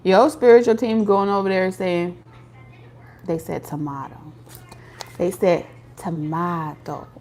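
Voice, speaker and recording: Woman tarot reader, casual and blunt, slang-heavy delivery, medium pitch. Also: normal speed, long pauses, background noise. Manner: blunt, slangy and profane, with laughs. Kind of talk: casual tarot reading to viewers.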